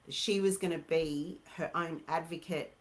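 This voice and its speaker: A woman's voice: sits low, steady tone, normal speed, low-quality recording. A middle-aged woman, a mother who is a guest, speaking reflectively in a casual conversation.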